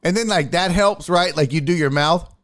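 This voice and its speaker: A man hosting a casual podcast livestream, telling stories in an animated, profane way and acting out sighs and panic. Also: a little high, normal speed, no room sound, clean studio sound. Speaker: podcast host.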